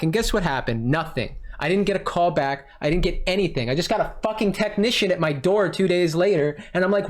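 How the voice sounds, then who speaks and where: A man's voice: high voice, brisk. Man, angry customer, ranting and exasperated, complains on a phone call, curses often. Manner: exasperated, ranting, repeats himself, swears. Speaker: frustrated customer on a support call. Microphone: recording his own side of a phone call.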